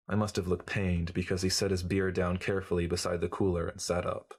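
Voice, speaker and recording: A man reading a short story aloud in a measured, wry first-person narration. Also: low-pitched, little pitch movement, slightly rough. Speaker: reader. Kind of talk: audiobook narration.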